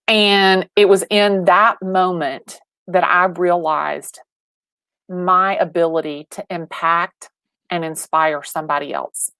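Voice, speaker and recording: A woman in her forties, a real estate agent and guest, telling stories with lively acted-out dialogue over a video call. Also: on the low side, a little slow, dry recording. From Atlanta, Georgia. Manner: animated storyteller, acts out quoted dialogue, many restarts. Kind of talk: livestream interview storytelling.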